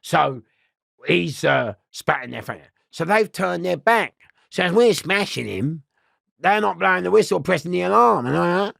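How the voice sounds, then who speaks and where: A man telling a prison story in an interview, animated and swearing, acting out voices and laughing often. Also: high-pitched, moderate pace, creaky, no echo, studio quality. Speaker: interview guest.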